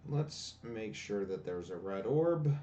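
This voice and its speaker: A man's voice: lowish voice, animated, slow, mellow, far from the mic, lo-fi sound, slight background noise. A man giving casual let's-play commentary, ranting and swearing sarcastically about the game. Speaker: gameplay commentator. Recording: voice a bit off-mic, faint game music.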